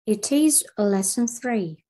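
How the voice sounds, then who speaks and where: A woman teacher giving a slow, clear video English lesson. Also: mid-range voice, expressive, warm tone. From Belarus. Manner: slow, clear classroom delivery.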